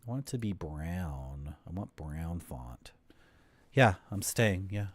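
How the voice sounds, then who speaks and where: A man's voice: low voice, expressive, slow. A man streaming a video game and chatting casually, with wry asides to his viewers. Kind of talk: casual gameplay commentary.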